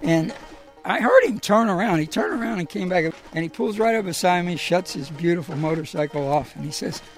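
A middle-aged man telling stories in the first person about walking across the country, in a plainspoken, conversational way with halting restarts. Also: high voice, expressive, soft background music.

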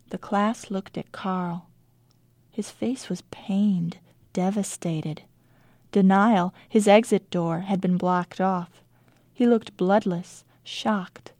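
A woman reads from her classroom diary with a dry, wry delivery. Her voice sits mid-pitch and the sound is close and dead, with no room around it. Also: fairly even intonation, takes it slowly, a little mellow, dry recording. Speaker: teacher. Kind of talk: reading diary entries aloud.

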